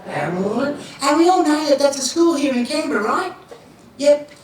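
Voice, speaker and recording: An older Australian woman gives a Welcome to Country to an audience, telling a creation story in a relaxed, rambling way and asking listeners to repeat words after her. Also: high-pitched, moderate pace. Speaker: Aboriginal elder giving a Welcome to Country. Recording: echoey hall from far off, faint noise.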